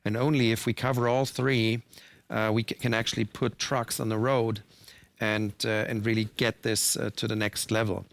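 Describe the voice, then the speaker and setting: A man's voice: fairly low pitch, level tone, normal speed, vocal fry, dry recording. A man with a German accent, a truck maker executive answering on a panel in an earnest way, with many fillers and restarts.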